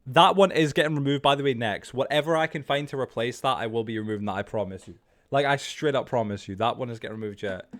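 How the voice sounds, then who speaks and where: A man's voice: medium pitch, quick pace, a bit bright. Chatty young man rambling on stream. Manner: rambling and chatty, laughs easily. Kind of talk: casual live-stream chat. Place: room at home.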